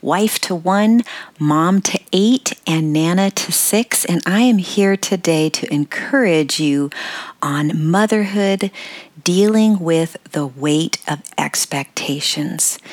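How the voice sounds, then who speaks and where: An older woman hosting a devotional podcast, speaking earnestly and encouragingly, dropping to soft breathy tones on key words. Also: low-pitched, dry recording. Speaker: podcast host.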